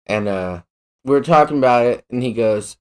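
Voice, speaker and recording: Profane podcast co-host, mid-pitched man. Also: expressive, moderate pace. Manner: loose, profane storytelling. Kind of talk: casual chat.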